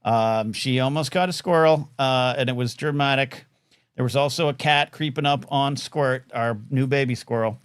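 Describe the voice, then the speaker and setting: A man hosting a live talk show from his apartment, low on energy and distracted, rambling and self-deprecating as he keeps talking to his dog. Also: normal speed, smooth, no echo, clean studio sound. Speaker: host. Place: apartment at home. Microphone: desk microphone.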